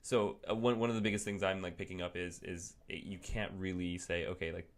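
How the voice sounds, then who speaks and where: Young male host with very low voice. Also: fairly even intonation, fairly quick. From India. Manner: thoughtful, restarts his phrasing. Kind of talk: conversational interview.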